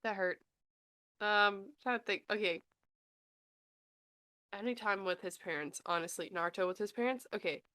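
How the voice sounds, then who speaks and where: Woman co-host, casual chat, animated and sweary, mid-range voice. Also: medium pitch, normal speed, long pauses. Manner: animated, swears freely, trails off and restarts. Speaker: podcast co-host.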